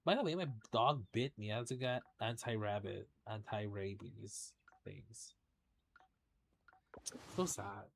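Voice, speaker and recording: A man's voice: fairly low pitch, a little slow, vocal fry. A man streaming a game, chatting casually in a rambling way and swearing now and then. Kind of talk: casual gameplay chat.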